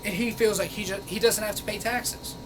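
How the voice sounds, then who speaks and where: High-voiced man in an angry, profane rant. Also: steady tone, brisk, music in the background, poor audio. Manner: profane, exasperated, sarcastic. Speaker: vlogger. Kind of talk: angry rant reading out comments.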